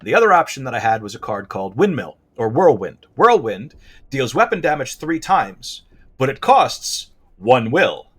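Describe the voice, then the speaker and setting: A man giving casual game commentary, animated and thinking aloud, often correcting himself. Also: mid-range voice, normal speed, breathy edge. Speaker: gameplay commentator.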